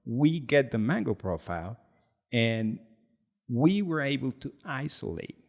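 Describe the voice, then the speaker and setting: Speaking with a gravelly, mid-range voice a little slowly, this man co-hosts a podcast and also founded a product. He tells a casual story with animation, laughter, and acted-out quotes.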